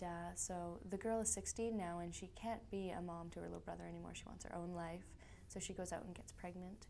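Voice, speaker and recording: A woman's voice: on the low side, darkish tone, a little hiss or hum. A young woman from Canada, an actress being interviewed, chatty, laughing often and trailing off into fillers. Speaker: actress guest. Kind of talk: casual interview.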